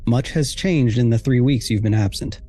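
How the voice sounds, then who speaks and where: A man's voice: mid-range voice, warm tone, soft background music, natural voice. A man doing a grave military commander. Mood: solemn. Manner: measured, solemn.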